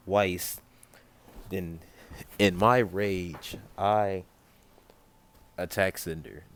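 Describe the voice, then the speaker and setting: A man with a very deep, low voice tells a fan story off the cuff at home. He rambles, backtracks and fixes himself mid-sentence, now and then turning aside to talk to someone nearby. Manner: rambling, self-correcting, with quick asides to a child nearby. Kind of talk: casual spoken fan story.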